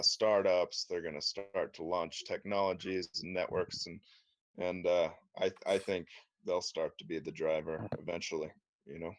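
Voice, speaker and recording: Deep low voiced guy chatting about markets, measured, dry close sound. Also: no room sound. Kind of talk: casual market chat.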